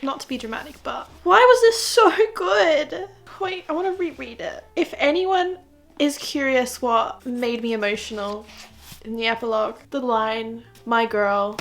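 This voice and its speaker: A young woman in her twenties chatting casually in a reading vlog, gushing and excitable, laughing often. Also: fairly high pitch. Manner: gushing and excitable about books. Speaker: book vlogger.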